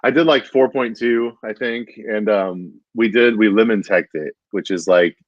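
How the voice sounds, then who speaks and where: Rambling low-voiced man saying "dude". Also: moderate pace, no echo. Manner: rambling, says "dude" constantly, many fillers. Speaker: stand-up comedian. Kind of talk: casual chat, storytelling. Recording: dull lo-fi dry sound.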